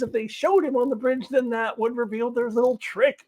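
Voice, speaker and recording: A woman talks straight to the camera in a casual review. She is animated and exasperated, and her laughter keeps breaking through as she argues her points. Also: a little high, a little fast, hardly any pauses, breathy edge.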